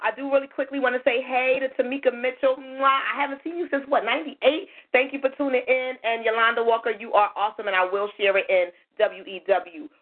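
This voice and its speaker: A woman hosts a call-in radio show, chatty and lively as she thanks callers. Her voice is a bit hoarse from losing it. The sound is thin and tinny, like a phone line. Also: fairly high pitch.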